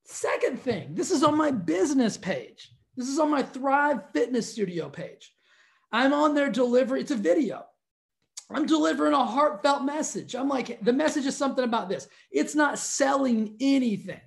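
A fitness studio owner telling viewers a story in a casual, exasperated rant, talking straight to the camera. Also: male voice, very high-pitched, expressive, moderate pace, creaky.

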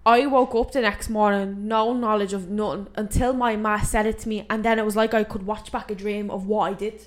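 A young woman with an Irish accent, co-hosting a podcast in casual chat, trading stories and chiming in with quick agreement. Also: mid-range voice, steady tone. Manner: chatty, quick back-and-forth, short agreeing replies. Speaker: podcast co-host.

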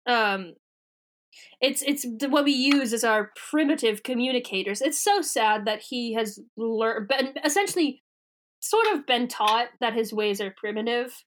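A young woman co-hosting a casual podcast, retelling a book's plot with lively storytelling and silly voices for the characters. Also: a little high, measured pace. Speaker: podcast co-host recapping a book. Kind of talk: casual chat.

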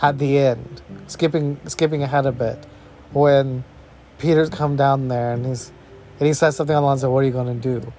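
A man hosting a podcast, giving a casual, excited movie review, rambling with lots of "bro" and "you know". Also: mid-range voice, normal speed, slight background noise. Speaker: podcast host reviewing a film.

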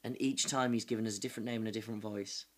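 A man's voice: on the low side, steady tone, very fast. A young man in improvised mock true-crime chat, earnestly playing detective. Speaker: improv comedy host.

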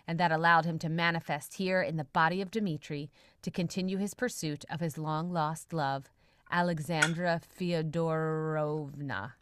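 A woman reading a comedy story chapter aloud on a podcast, animated and quick to laugh, doing voices for the characters. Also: on the low side, dry recording, studio quality.

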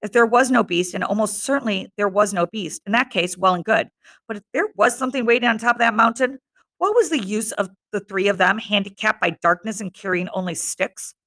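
A woman teacher reading a novel aloud to her class in a steady, measured narration. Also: medium pitch.

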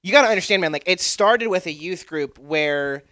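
A young man in casual podcast chat, laid-back, calling people dude and swearing freely, breaking into loud laughs. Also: high-pitched, lively intonation, a little fast, clean tone, no echo, studio quality. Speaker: podcast co-host, guest on his church upbringing.

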